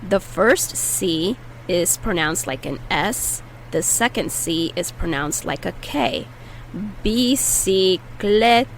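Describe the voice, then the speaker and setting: A woman teaching a language lesson, patiently saying each word slowly and clearly so listeners can repeat after her. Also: on the low side, lively intonation, a little hiss or hum, low-quality recording. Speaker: Spanish teacher.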